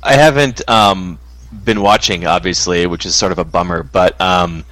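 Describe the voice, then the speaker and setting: A man's voice: low-pitched, moderate pace, fairly bright tone, no room sound. A man co-hosting a casual sports podcast, laid-back with dry quips. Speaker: podcast co-host.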